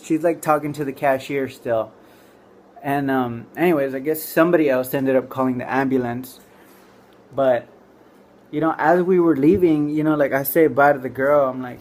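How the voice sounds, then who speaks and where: A man's voice: mid-range voice, moderate pace, a little mellow. A man telling a comic story to camera, rambling and full of "like" and "you know". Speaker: comedian storyteller.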